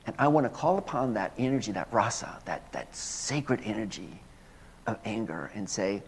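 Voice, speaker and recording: A man's voice: fairly low pitch, lively intonation, normal speed, breathy edge. Earnest man preaching a spiritual sermon. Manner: earnest, repetitive, builds to emphatic peaks then drops soft for prayer. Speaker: minister. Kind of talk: sermon with guided prayer.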